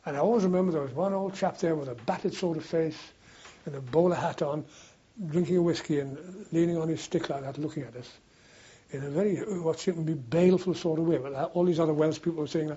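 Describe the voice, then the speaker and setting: An older veteran with a slightly raised, husky voice tells long, wandering anecdotes, restarting sentences as he goes. The sound is dull and lo-fi, like an archive tape. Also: on the high side, fairly even intonation, brisk, warm tone. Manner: rambling anecdotal storytelling, frequent restarts. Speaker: war veteran interviewee. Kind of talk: oral history reminiscence.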